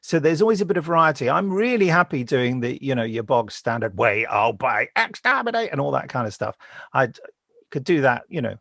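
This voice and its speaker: Gravelly man telling animated anecdotes. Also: medium pitch, brisk, no echo, studio quality. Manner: lively storyteller who acts out the voices he quotes. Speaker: voice actor. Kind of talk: anecdotal interview chat.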